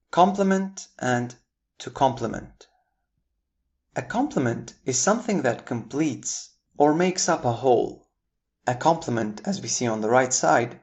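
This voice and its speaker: An American man narrates an English vocabulary lesson at a middle pitch. He is clear and deliberate, spelling words out letter by letter, and he brightens as he brings in each new word pair. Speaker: English teacher.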